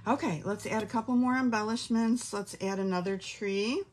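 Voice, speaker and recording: A woman's voice: mid-range voice, moderate pace, slight background noise. A middle-aged woman hosting a casual craft tutorial from her home craft room, chatting and thinking aloud as she works. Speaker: craft class host.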